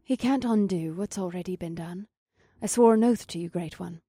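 A man voicing a young noble woman in an audiobook, gentle and tender, in a soft, breathy falsetto. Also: moderate pace, dry recording, studio quality. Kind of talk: audiobook character voice.

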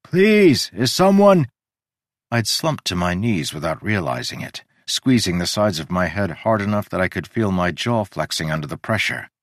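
Male story narrator, low and lively, measured, dry close mic. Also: no echo. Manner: measured and descriptive.

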